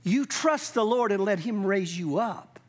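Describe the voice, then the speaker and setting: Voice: medium pitch, expressive, a little slow. A pastor preaching a sermon in a conversational, emphatic way, acting out quoted lines.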